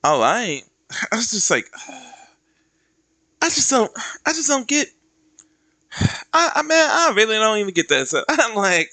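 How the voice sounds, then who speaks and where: Guy streamer going off in a rant, high bright voice jumping all over, dry close mic. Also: slow pace, long pauses, dry recording. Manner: animated, slangy, acts out quotes in lower voices. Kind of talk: casual rant.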